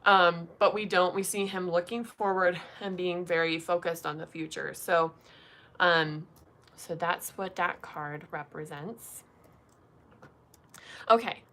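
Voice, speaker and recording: A woman's voice: fairly low pitch, steady tone, slow, sharp tone. A young woman reading tarot cards on a casual livestream, chatty and full of "um" and "like". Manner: chatty, lots of fillers like 'um' and 'like'. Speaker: tarot reader doing live card pulls.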